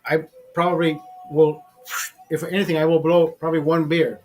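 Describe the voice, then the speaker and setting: A man hosting his own vlog, telling a story in a heated, profane, animated way. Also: on the high side, moderate pace, soft background music. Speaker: show host.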